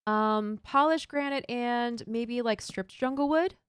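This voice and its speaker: A woman's voice: on the high side, a little slow, smooth, no room sound, faint music behind. A woman streaming a building game, chatting casually and thinking aloud while she builds and reads chat. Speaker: Minecraft streamer.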